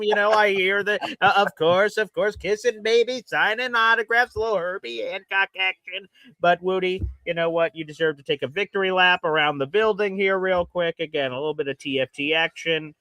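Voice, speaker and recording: A man hosting a casual sports talk show, animated and jokey. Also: sits high, a little fast, no room sound. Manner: animated, jokey, mimics fans. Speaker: podcast host.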